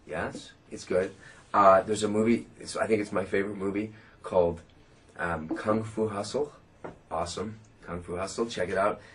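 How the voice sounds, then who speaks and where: A man's voice: fairly low pitch, fairly even intonation, moderate pace, a bit bright, slight background noise. A Canadian man answering interview questions in a joking, self-mocking, rambling way. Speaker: interview guest. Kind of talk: playful interview chat.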